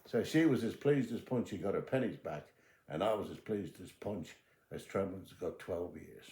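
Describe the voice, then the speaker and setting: Older man, British English accent, very low voice, lively swinging intonation, retired detective storyteller, echoey room. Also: normal speed. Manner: acts out both sides of remembered dialogue. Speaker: retired detective telling his own case. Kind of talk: spoken true-crime storytelling. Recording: roomy echo.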